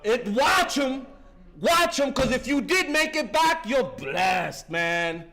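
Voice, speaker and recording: A man's voice: very high voice, sing-song, takes it slowly, vocal fry, bright, forceful tone. A man in his fifties from New York, giving a passionate, profane recovery testimony and often breaking off with "listen" and "man.". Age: 50s. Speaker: speaker sharing at a recovery meeting.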